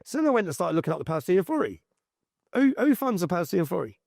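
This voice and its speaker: A man recounts a story in an animated, anecdotal way and keeps slipping into the voices of the people he met. His voice sits fairly high and swings widely. The sound is close and dry. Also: very fast, creaky, dry recording. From England. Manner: lively, repeats himself, quotes people in his stories. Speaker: interview guest.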